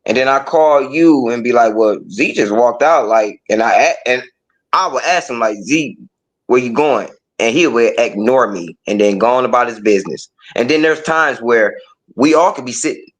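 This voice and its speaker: A man speaking as a guest in a casual talk, earnest and a bit defensive, often halting as he explains himself. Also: medium pitch, rough recording. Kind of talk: casual conversation.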